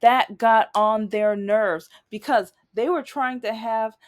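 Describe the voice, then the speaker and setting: A woman's voice: on the high side, fairly even intonation, takes it slowly. A young adult woman vlogging, telling a personal story in a rambling, emphatic way, often trailing off and restarting. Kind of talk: casual storytelling monologue.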